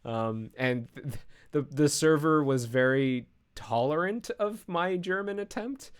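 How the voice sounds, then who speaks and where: A man's voice: on the high side, lively intonation, measured pace, clean tone. A man casually thinking aloud as he live-streams coding, full of fillers and restarts. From Canada.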